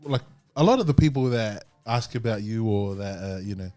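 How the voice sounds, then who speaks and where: A man's voice: lowish voice, expressive, moderate pace, darkish tone, no echo, faint music behind. A man hosting a podcast, chatting casually with many fillers and laughs as he tells a story. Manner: rambling, laughing, full of fillers. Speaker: podcast host. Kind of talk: casual chat. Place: podcast studio.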